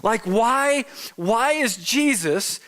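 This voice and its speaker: Male pastor, light high voice, informal sermon that acts out its stories. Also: animated, drawn-out words, fairly bright tone. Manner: informal, storytelling, acts out quotes. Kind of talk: conversational sermon. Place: church sanctuary.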